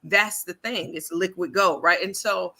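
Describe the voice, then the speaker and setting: A woman's voice: lowish voice, a little slow, creaky, slight background noise. A woman chatting casually on a podcast, telling a story with lots of laughter and acting out the people in it. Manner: animated storyteller, acts out quotes, laughs often. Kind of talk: casual chat.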